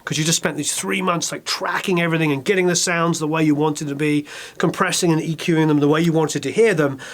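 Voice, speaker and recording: A middle-aged man with an English accent chats as an interview guest, his voice sitting a little high. He tells stories with animation, tossing in quick asides and acting out quotes. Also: fairly even intonation. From England. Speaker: record producer, interview guest. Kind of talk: casual interview chat.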